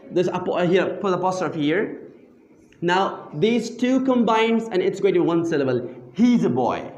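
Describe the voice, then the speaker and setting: A man's voice: sits high, a little mellow, highs cut off. A man teaches grammar in a classroom. He keeps firing questions at his students and repeating key words back to them. The room is echoey and reverberant.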